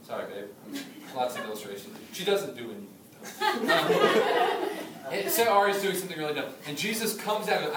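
A man in his thirties preaching a sermon, chatty and humorous, telling stories with lively asides. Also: on the high side, normal speed, noisy background. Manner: conversational preaching, humorous asides, animated storytelling. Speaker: pastor. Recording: echoey room from a distance.

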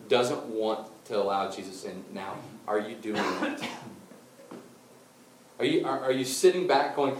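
A man preaching a sermon, telling a Bible story with lively acted-out voices and then slowing into quiet, intense appeals. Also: medium pitch, a little hiss or hum. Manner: animated storytelling, acting out quotes, dropping to quiet intensity. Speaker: pastor. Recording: roomy and distant with faint ambience.

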